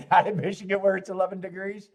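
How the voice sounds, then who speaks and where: A man's voice: high voice, level tone, brisk, vocal fry. A man hosting a live horse racing stream, rambling and joking while greeting viewers in chat.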